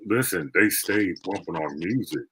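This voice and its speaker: A man hosts a casual podcast, his voice very low yet lively in pitch and bright in tone. He keeps guests going with laughs and short encouraging remarks. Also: normal speed, a little hiss or hum. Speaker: podcast host. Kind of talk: casual chat.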